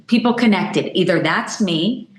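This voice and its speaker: Telling animated stories as a guest on a conversational podcast, a middle-aged woman journalist performs the voices of others as she quotes them. She speaks in a fairly low voice at a measured pace, in a reverberant space.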